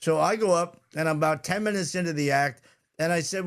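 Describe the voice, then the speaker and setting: A stand-up comedian chatting casually and telling a story, acting out what people said. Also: male voice, fairly high pitch, a little fast. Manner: animated anecdote-telling, acts out quoted lines. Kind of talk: casual chat, telling stories.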